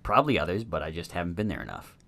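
A man's voice: low-pitched, big pitch swings, rapid-fire, gravelly, a crowd in the background. A young man in casual chat, skeptical and stubborn but playful.

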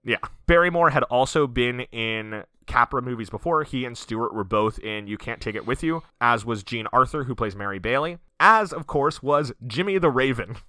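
A man's voice: medium pitch, lively intonation, bright, forceful tone, dry recording, studio quality. A man co-hosting a podcast, chatting casually and joking about a film. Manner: joking, quick, playful asides. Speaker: podcast co-host.

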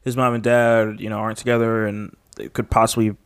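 A man's voice: lowish voice, level tone, a little fast, clear, resonant tone. A man in casual conversation, talking in a laid-back, rambling way and laughing often. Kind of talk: casual chat.

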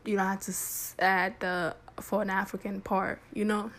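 A woman's voice: medium pitch, level tone, normal speed, fairly bright tone. A young woman hosting a podcast, talking candidly in a chatty way, with lots of restarts and "like". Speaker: podcast host. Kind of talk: casual solo talk.

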